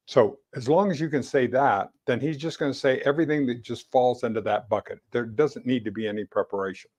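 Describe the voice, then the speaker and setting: A man co-hosting a casual political chat show, talking in halting bursts with many restarts. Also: mid-range voice, a little mellow. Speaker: co-host.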